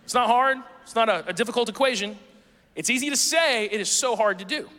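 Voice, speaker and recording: Bright-voiced preacher man in a reverberant hall. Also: very high-pitched. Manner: conversational and playful, with quick asides to the congregation. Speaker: pastor. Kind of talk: sermon.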